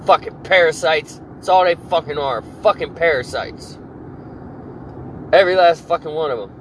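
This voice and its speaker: A man's voice: fairly high pitch, moderate pace, low-quality recording. A man in his twenties, a podcast host, delivering an angry, profane solo rant full of restarts and repeated phrases. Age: 20s. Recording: clear background noise of traffic and air conditioning.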